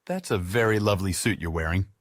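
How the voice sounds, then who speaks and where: A man's voice: deep voice, fast talker, no room sound, clean studio sound, natural voice. A man voicing a cheerful young female casino trainee who speaks broken English in an over-the-top, fake happy way. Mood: gushing.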